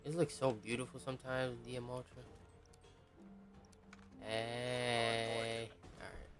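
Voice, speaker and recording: A man giving casual gameplay commentary as a gaming YouTuber, slangy and profane, often shouting at the game. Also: mid-range voice, flat delivery, takes it slowly, over loud music.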